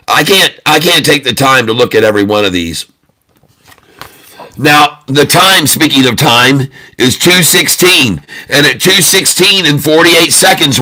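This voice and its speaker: Loud, excitable male trading streamer. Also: medium pitch. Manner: loud, excitable, repeats himself for emphasis. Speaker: day-trading livestream host. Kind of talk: live trading stream chat.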